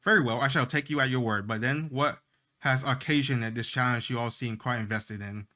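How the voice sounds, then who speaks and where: A man's voice: medium pitch, fairly quick, bright, forceful tone, lightly acted. A man reading the lines of a sly, teasing female fairy in a video game. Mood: curious.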